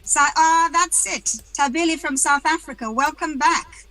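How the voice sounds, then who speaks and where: Female webinar host from the UK, chatty and welcoming on a video call, bright tone. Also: high-pitched, unhurried, rough recording. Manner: chatty, greets attendees by name, self-deprecating jokes.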